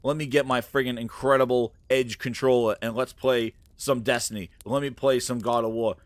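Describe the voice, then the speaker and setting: A man hosting a gaming channel, ranting in a casual, mocking, excitable way with loose fillers. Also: mid-range voice, normal speed, dry recording.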